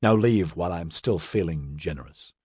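A man's voice: low voice, moderate pace, darkish tone, husky, no echo, clean studio sound, pitched below the performer's own voice. A man reading the part of a resolute young male leader who speaks firmly and briefly.

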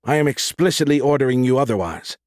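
A man's voice: mid-range voice, normal speed, no echo, studio quality, lightly acted. A man voicing a stern female leader who speaks in a firm, authoritative way. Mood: commanding.

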